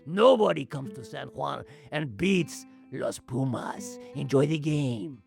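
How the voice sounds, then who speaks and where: A man's voice: medium pitch, expressive, slow pace, creaky, a little mellow, heavily acted. A man voicing a cocky, boastful rugby man. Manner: swaggering, mock-confident boasting. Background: faint plucked guitar music.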